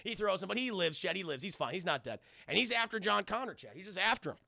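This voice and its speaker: A man reviewing a film on a livestream, excitable and profane, constantly talking to his chat. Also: high voice, fast, vocal fry, dry recording, studio quality.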